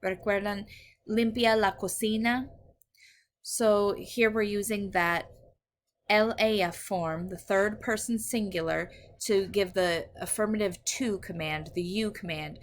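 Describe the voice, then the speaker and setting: Woman, Spanish teacher, patient step-by-step explanations, recorded lesson, mid-pitched voice. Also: slight background noise.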